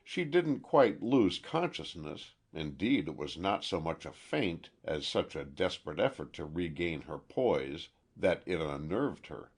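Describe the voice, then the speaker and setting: Deep, husky male audiobook narrator. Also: big pitch swings, unhurried, hardly any pauses. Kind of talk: audiobook reading.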